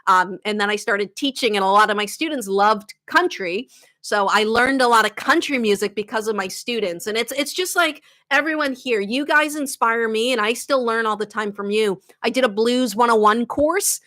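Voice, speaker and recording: A woman's voice: fairly high pitch, moderate pace, bright, forceful tone. A woman with a light Boston accent, a guitar teacher chatting casually with viewers in a live-stream Q&A, laughing often. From Boston area, USA.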